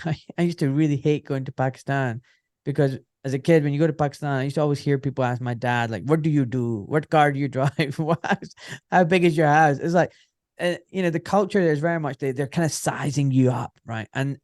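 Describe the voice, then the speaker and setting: Blunt, animated middle-aged man, slightly high voice, dry close sound, candid guest storyteller. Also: no room sound. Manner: animated, blunt, swears, acts out quoted voices. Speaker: guest, orthopaedic surgeon.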